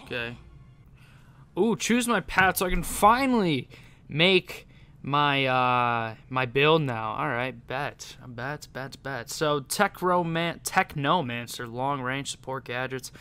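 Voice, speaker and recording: A young man giving excitable gameplay commentary, laughing often and yelping in surprise. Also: medium pitch, slow, smooth. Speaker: gaming YouTuber.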